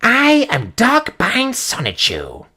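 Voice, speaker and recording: A man voicing a grandiose male electric hedgehog hero in a live storybook reading, declaiming slowly and pompously. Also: very high voice, wildly swooping pitch, sharp tone, husky, voice pushed up, heavily acted. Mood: heroic.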